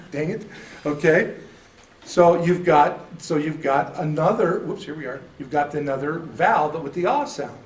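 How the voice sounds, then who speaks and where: A folksy American man leads a casual church class, wandering through his points and correcting himself as he goes. His voice sits a little high. He is picked up from a distance in an echoey room. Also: measured pace, slight background noise. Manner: rambling, self-correcting, folksy. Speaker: Bible class teacher. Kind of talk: informal classroom teaching.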